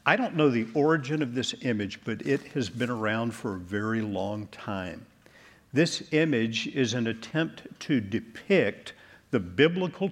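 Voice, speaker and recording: Husky-voiced man preaching a measured sermon. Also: mid-range voice. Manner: measured preaching with slowed emphasis on key words. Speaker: pastor.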